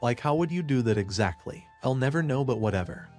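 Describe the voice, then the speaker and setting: A man narrating a first-person story in a plain, steady way. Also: medium pitch, a little fast, soft background music.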